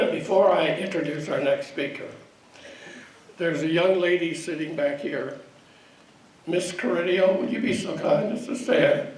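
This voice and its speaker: Slow-talking man emceeing in an echoey hall. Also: fairly high pitch. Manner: warm, halting, easily moved. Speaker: master of ceremonies. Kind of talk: emotional ceremony introductions. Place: senior center hall. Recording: echoey hall, distant mic, faint noise.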